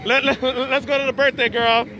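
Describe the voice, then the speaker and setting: A man's voice: very high voice, level tone, moderate pace, noisy background. A man hosts a casual live stream from an outdoor birthday party, chatty and repeating his words as he stammers. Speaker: host of a live stream show. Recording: phone recording outdoors, party music and crowd. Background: music and children at a party.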